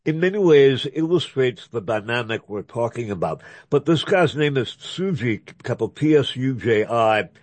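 A man's voice: medium pitch, expressive, normal speed, hardly any pauses, darkish tone, no echo. A man hosting a radio talk show, speaking in a rambling, digressive way and spelling out names letter by letter. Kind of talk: conversational radio interview.

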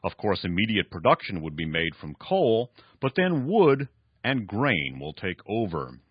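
A frail old scientist, put on by a male radio host, rasps out lectures in a raised, lively voice, proud of himself and short of breath. The sound is dry and dull, like lo-fi broadcast audio. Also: on the low side, unhurried, dry recording, exaggerated voice. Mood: lecturing.

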